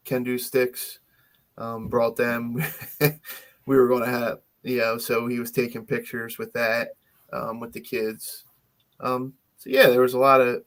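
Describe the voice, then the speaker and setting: A man with a gravelly voice chats loosely on a podcast. He rambles, circles back and fills the gaps with ums and likes. His pitch sits in the middle of the male range. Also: fairly bright tone. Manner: rambling, full of fillers and restarts. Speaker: podcast co-host. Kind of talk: casual podcast chat.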